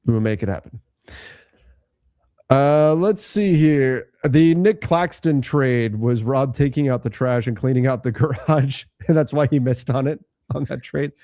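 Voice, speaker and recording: A man's voice: mid-range voice, measured pace, mellow, no room sound, studio quality. A man co-hosting a live basketball draft show, chatting casually and laughing often. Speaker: podcast co-host.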